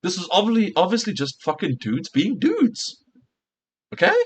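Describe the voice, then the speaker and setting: A man's voice: high voice, very animated, normal speed, a little hiss or hum. Heated, swearing male streamer. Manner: heated, profane, fires rhetorical questions. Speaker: streamer reacting to a clip. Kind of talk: casual reaction rant.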